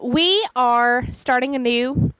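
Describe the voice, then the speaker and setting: A woman's voice: high voice, slow, clear, resonant tone, dry recording. A woman co-hosting a podcast in casual chat, bubbly and giggly, with lots of filler words. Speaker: podcast co-host. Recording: dry, phone-like narrow sound.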